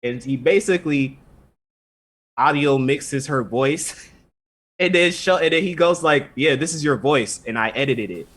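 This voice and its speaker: A man co-hosts a casual podcast recapping an anime episode, retelling it loosely and jokingly while acting out the characters' lines. His mid-range voice is fairly bright, unhurried, and broken by frequent pauses.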